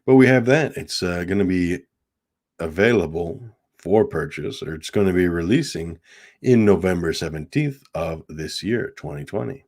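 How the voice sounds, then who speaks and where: A man's voice: low voice, lively intonation, moderate pace, darkish tone. A man hosting a casual live stream, chatting in a rambling way and often addressing his viewers as folks. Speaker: host.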